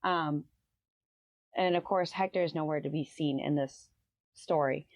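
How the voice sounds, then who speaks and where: A woman's voice: deep voice, steady tone, measured pace, no room sound. A woman hosting a casual book review, retelling the plot in a rambling way with lots of "um" and "like.". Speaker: book review podcast host.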